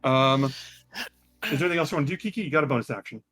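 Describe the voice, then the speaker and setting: A man running a tabletop game as game master, talking in a relaxed, rambling way with lots of ums. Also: medium pitch, racing, a little hiss or hum.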